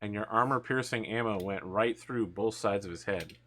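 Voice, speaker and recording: Bright-voiced teasing male game master. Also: fairly low pitch, moderate pace. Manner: teasing, jokey banter mixed with narration. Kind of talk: running a tabletop game for friends.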